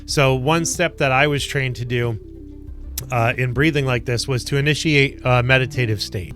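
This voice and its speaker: A man talking to camera about handling anger, earnest and rambling, slow and deliberate, with many ums and you-knows. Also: mid-range voice, over music. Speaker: wellness coach. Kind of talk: self-help talk to camera.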